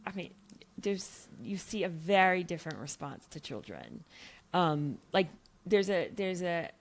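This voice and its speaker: A middle-aged woman with a slightly low voice talks through her ideas in a podcast conversation. She thinks aloud, restarts her sentences often and keeps tossing in "right?" and "you know" along the way. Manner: animated, thinking aloud with many restarts and tag questions. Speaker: guest author.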